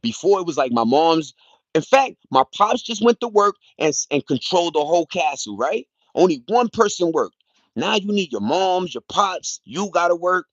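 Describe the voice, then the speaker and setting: A man chatting loosely on a livestream, using street slang and shouting out viewers by name. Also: high-pitched, sing-song, moderate pace, dry recording, muffled recording. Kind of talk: casual rambling livestream chat. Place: at home in the countryside, partly outdoors.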